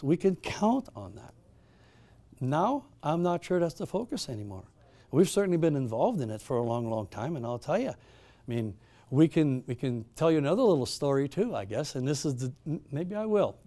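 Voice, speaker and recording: A man's voice: fairly high pitch, very animated, normal speed, mellow. A middle-aged man hosting a town hall, telling a story to a live audience with emphatic rhetorical questions and frequent restarts. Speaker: town hall host and moderator.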